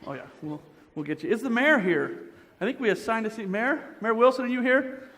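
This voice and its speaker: A man emceeing a pageant, joking playfully and quizzing the audience as he warms up the crowd. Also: very high voice, animated, a little fast. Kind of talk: crowd warm-up banter. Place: large indoor auditorium. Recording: reverberant hall with crowd noise.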